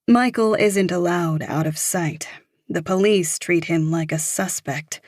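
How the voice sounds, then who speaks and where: A woman narrating a thriller audiobook in a measured, even storytelling manner. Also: lowish voice, dry recording, studio quality.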